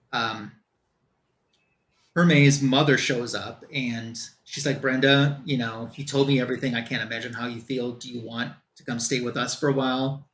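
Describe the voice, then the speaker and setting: A man's voice: mid-range voice, a bit bright, a little hiss or hum. A man on a comic book show, casually recapping a plot in loose quoted dialogue with lots of fillers.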